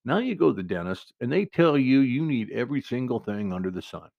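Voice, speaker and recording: A man's voice: mid-range voice, big pitch swings, fairly quick, vocal fry, no room sound, muffled recording. A man hosting a podcast, telling meandering comic stories in a folksy, self-interrupting way. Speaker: podcast host. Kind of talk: rambling comic storytelling monologue.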